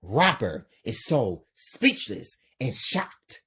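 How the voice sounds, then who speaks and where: A man's voice: medium pitch, very animated, drawn-out words, a bit bright, breathy edge. A man reading a crime script aloud in plain, scene-by-scene narration. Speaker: storyteller.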